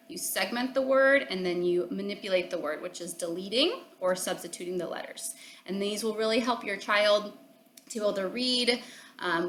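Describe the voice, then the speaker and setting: A woman's voice: mid-range voice, pushed and bright, echoey room, slight background noise. A woman teacher giving a phonics lesson to young children and their parents, coaxing and encouraging, often checking in with "okay?". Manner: encouraging, sing-song teacher talk with frequent "okay?".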